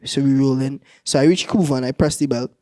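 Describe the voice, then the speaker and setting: A man's voice: medium pitch, fast, dry recording. Young Trinidadian man doing stand-up. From Trinidad and Tobago. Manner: laughs through his own lines, animated storytelling. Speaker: stand-up comedian. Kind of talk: stand-up comedy set.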